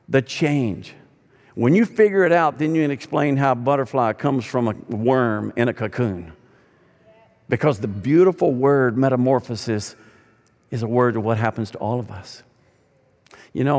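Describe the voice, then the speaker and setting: A man preaching a sermon as pastor, swinging between loud emphatic lines and hushed ones. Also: mid-range voice. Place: church sanctuary. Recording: long hall reverb.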